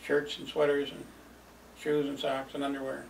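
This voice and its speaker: An older man with a gravelly voice rambles through old memories, chuckling between lines and filling pauses. He sits some way from the mic in a roomy space with a faint hum of ambience. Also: medium pitch, completely flat delivery, distant mic. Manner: rambling, chuckling, lots of fillers. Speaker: storyteller. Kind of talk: reminiscing oral history.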